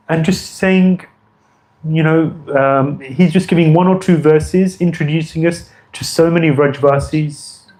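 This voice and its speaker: A man's voice: a little high, a little mellow, poor audio. A man giving an earnest devotional lecture as a spiritual teacher, often repeating phrases for emphasis.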